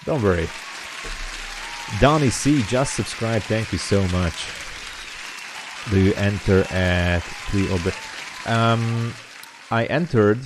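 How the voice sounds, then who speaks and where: A man's voice: low voice, no echo. A man hosting a live day-trading stream, chatting casually with viewers and greeting them by name. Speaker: livestream host and day trader. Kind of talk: casual livestream chat.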